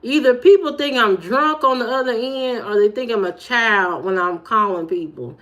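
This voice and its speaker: High-voiced woman with an Indiana accent. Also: normal speed. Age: adult. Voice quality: high youthful-sounding voice. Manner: animated storytelling, jumps high when retelling. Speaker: livestream host. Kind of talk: casual livestream chat reading comments.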